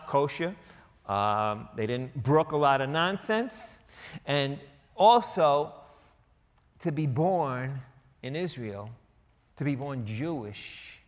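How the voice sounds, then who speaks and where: Emphatic male pastor in a reverberant hall. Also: medium pitch. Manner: emphatic, conversational preaching with quoted asides. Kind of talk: sermon.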